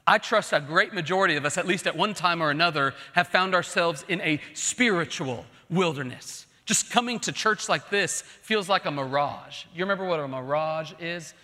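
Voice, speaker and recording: High, bright-voiced man preaching in a hall. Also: moderate pace, few pauses. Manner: earnest, emphatic preaching that swells into pleading. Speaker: pastor. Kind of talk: sermon. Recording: long reverb of a large hall.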